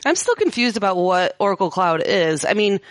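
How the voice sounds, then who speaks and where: A woman from the American Midwest with a Midwestern accent and a low, rough voice, chatting casually on a tech podcast and laughing easily. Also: expressive, fairly quick, dry recording. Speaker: podcast co-host.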